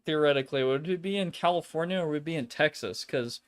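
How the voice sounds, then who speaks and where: A man hosting a casual video game stream. His voice sits a touch high, and he rambles through his thoughts. He drops swear words often and breaks into laughter easily. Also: fast talker, clear, resonant tone. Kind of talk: casual chat.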